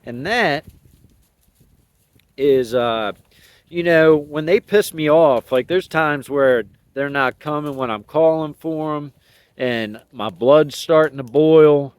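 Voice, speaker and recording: A man rambles in a laid-back, folksy way about raising his dogs, dropping slang as he goes. His voice sits a little high for a man. The recording is dry, with no room echo. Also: slow, clean tone. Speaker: dog owner sharing training thoughts. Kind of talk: casual outdoor vlog talk.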